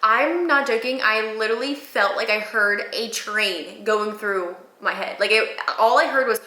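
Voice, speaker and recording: Bright, chatty young woman vlogger. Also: fairly high pitch, normal speed, a little hiss or hum. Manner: chatty, excitable storytelling. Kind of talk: casual chat. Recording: echoey room.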